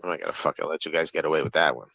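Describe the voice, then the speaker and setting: A man hosting a live-stream panel in casual chat. He swears constantly and needles the other guests with rapid-fire questions. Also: a bass voice, vocal fry, sharp tone, no room sound, poor audio.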